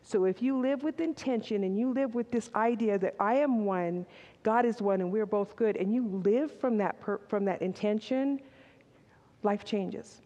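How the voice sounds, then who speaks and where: A woman's voice: mid-range voice, moderate pace, warm tone, dull audio. An older woman giving a candid, conversational sermon, with personal asides and restarts. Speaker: speaker at a church service. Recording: long reverb in a large hall.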